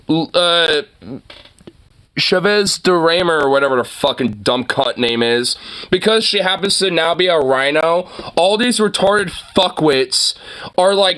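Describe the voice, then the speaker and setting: A man's voice: high-pitched, sharp tone. A man delivering a profane political rant, rambling through many filler words and breaking into mocking laughter. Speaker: online commentator.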